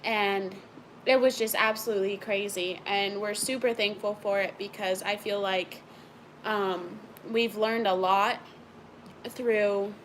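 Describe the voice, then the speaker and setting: A sleepy woman answering viewer questions in a casual chat, halting and searching for words as she rambles. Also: medium pitch, fairly bright tone, slight background noise, rough recording.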